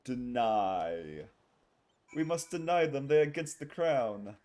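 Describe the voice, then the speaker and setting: A man's voice: mid-range voice, big pitch swings, takes it slowly, a little mellow. A male streamer putting on a hammy British accent, bantering playfully while streaming a game. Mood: jovial. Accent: put-on British. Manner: hammy, playful, laughs often. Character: exaggerated tipsy British bloke, jolly.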